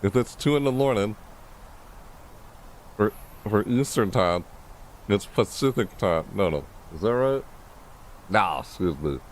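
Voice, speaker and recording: A man streaming a live reaction, thinking aloud, rambling and correcting himself, with excitable bursts. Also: unhurried, pauses often, a little hiss or hum. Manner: excitable, bursts into high shouts.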